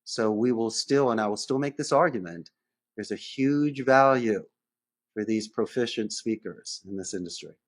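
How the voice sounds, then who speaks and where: A man's voice: on the low side, normal speed. A man as a podcast guest who runs a call center, talking in a conversational interview and acting out phone calls in different voices.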